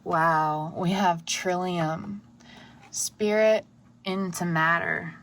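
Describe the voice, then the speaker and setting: A woman giving an intuitive tarot reading to camera, earnest and soft-spoken, with many pauses and fillers. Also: on the low side, fairly even intonation, slight background noise. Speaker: tarot reader.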